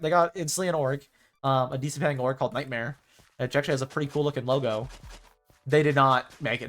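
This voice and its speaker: A man's voice: medium pitch, fairly bright tone. A man chatting casually on a livestream, rambling with lots of "like" and frequent self-corrections. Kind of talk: casual stream chatter about esports.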